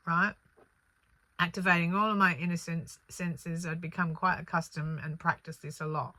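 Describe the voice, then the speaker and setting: Female spiritual storyteller, low-pitched but bright voice, earnest and animated, dry close recording. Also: dry recording. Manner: earnest, animated retelling with many fillers. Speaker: spiritual channeller.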